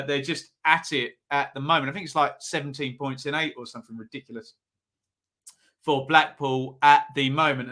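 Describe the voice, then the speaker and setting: A man's voice: on the high side, sharp tone. A man hosting a live football predictions stream, chatting casually, thinking aloud and reading out viewers' comments.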